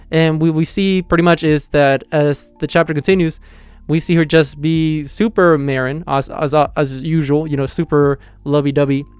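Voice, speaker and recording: A young man talking through a manga chapter in a rambling, excited way, full of fillers and restarts. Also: fairly high pitch, clear, resonant tone, dry recording. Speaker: manga reviewer. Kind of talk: casual excited review.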